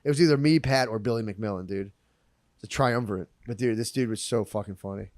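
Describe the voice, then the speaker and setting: A man's voice: fairly low pitch, quick pace, darkish tone, dry recording, studio quality. A man in his thirties, a podcast co-host telling stories in casual comedic chat, laughing often. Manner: laughing storyteller, mimics people in quotes.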